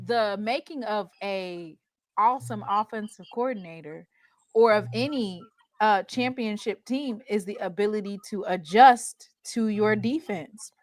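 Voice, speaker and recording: A woman's voice: medium pitch, a little slow, no echo. A woman firmly explaining football strategy in a sports debate.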